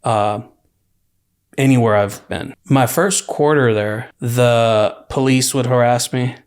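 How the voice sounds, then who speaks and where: Young man telling his story, relaxed. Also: mid-range voice, slow pace, clear, resonant tone. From California, USA. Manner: relaxed, rambling, many "like" and "you know" fillers. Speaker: podcast guest, university student. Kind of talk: casual storytelling interview.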